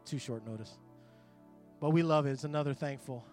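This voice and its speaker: A middle-aged man preaching a conversational sermon, animated and full of quoted asides. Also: mid-range voice, fairly quick, soft background music. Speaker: pastor.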